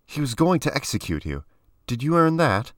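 A man's voice: mid-range voice, sing-song, normal speed, no room sound, studio quality, voice pushed up, natural voice. A man voicing a fierce, commanding female warrior who makes cold demands. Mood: interrogating.

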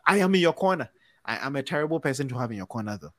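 A man's voice: mid-range voice, animated, rapid-fire, a bit bright, no echo. A man hosting a podcast and signing off in a casual, upbeat, encouraging way, rambling a little and restarting his sentences. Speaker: podcast host.

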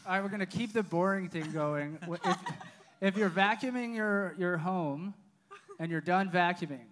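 A man's voice: sits high, moderate pace, fairly bright tone, a little hiss or hum. A man hosting a podcast, asking playful offbeat questions in casual chat. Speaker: podcast host.

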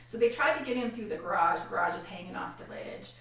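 A woman guest on a podcast, telling a painful personal story in an animated way and acting out the voices of other people. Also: medium pitch, quick pace, vocal fry. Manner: animated, acts out quoted voices, frequent laughs. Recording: far-off echoey room mic.

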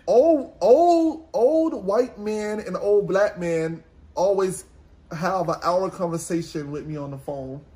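A young man co-hosts a podcast in a high, mellow, congested voice that sounds nasal, speaking slowly. He tells stories in casual chat with many restarts, acting out callers along the way.

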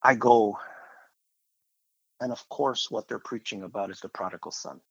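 A man's voice: lowish voice, moderate pace, vocal fry, breathy edge, dry recording, lo-fi sound. A man sharing a personal faith testimony in a conversational, rambling way, with fillers and repeated phrases.

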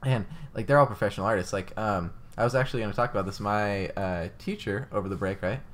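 A man's voice: on the low side, fast talker, a bit bright. A young man co-hosting a casual podcast, telling stories in a rambling way with many fillers, restarts and giggles. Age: young adult. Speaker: podcast co-host.

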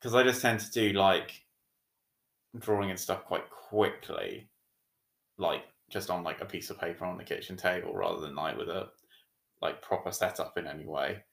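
A man's voice: low-pitched, normal speed, vocal fry, a bit bright. Teasing man, echoey recording. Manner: teasing, dry joker. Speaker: podcast co-host. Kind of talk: casual chat. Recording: roomy echo.

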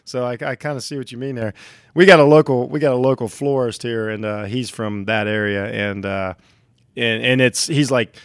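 A man's voice: medium pitch, fairly even intonation, normal speed, smooth, no echo, studio quality. A middle-aged man from Ohio hosting a casual podcast chat, rambling with lots of restarts and the odd swear word. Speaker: podcast host.

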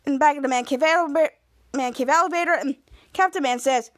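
High-voiced woman rambling through a recap. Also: fast. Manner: rambling run-on retelling with many restarts; quotes characters in a raised voice. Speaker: podcast host. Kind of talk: casual episode recap.

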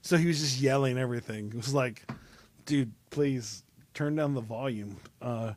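A man's voice: medium pitch, moderate pace, a little mellow, a little hiss or hum. A man hosting a casual web show over a remote call, talking with many fillers and restarts. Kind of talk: casual chat.

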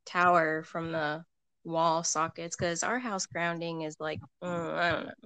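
A woman's voice: lowish voice, fairly even intonation, a little slow, sharp tone, a little hiss or hum. Giggly woman podcaster on a call. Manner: giggly, easygoing. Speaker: podcast co-host. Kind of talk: casual chat, reading listener prompts aloud. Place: home, talking over an online call.

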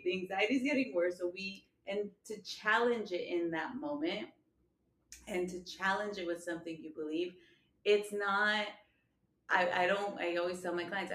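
A woman co-hosting a podcast as a coach, talking in an animated, casual way and laughing often. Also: fairly low pitch. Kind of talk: casual conversational chat. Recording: echoey room.

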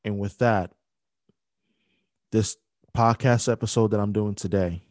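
Grieving young man, low flat voice. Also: no echo. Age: young adult. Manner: halting, grieving, with restarts. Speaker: podcast host. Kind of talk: emotional spoken dedication.

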